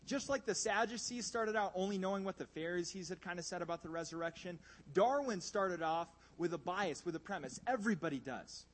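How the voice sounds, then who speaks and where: A man preaching a sermon, animated and emphatic, swinging between loud bursts and hushed asides. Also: high voice, brisk, hardly any pauses, a little hiss or hum.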